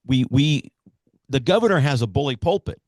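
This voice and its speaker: A man's voice: medium pitch, animated, moderate pace, darkish tone, no echo, studio quality. An American man hosting an interview, making emphatic campaign-style declarations. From United States. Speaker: host and candidate for governor.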